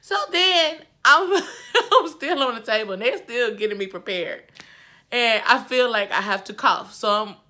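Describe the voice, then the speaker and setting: A woman vlogger telling a story casually to camera, animated and laughing, swinging between hushed and loud. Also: mid-range voice, normal speed.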